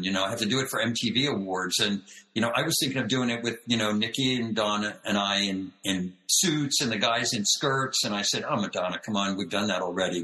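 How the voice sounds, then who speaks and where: A man, a director and choreographer, telling animated stories in an interview over a video call, acting out the voices of people he quotes. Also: on the low side, roomy sound, rough recording. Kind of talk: storytelling interview.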